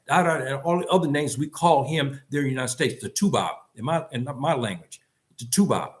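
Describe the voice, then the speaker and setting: A man's voice: on the high side, expressive, brisk, a little mellow. An older man giving an impassioned monologue to his community, blunt and scolding, repeating himself and firing off rhetorical questions. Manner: emphatic, repetitive, rhetorical questions. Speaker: commentator addressing his community.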